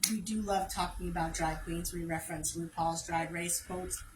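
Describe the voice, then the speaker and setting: A woman's voice: lowish voice, fairly even intonation, moderate pace, echoey room, background noise. A woman hosting a casual livestream chat, playful and chatty. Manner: playful, chatty, laughs often. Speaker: channel host.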